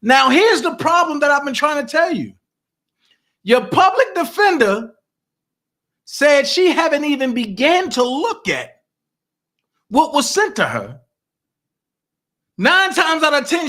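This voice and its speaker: A man hosts a casual commentary monologue, taunting a rival and reading out court papers. His voice sits high and bright, and his pitch swings widely. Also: measured pace, pauses often. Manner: animated, taunting, reading legal text aloud. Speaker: political commentary host.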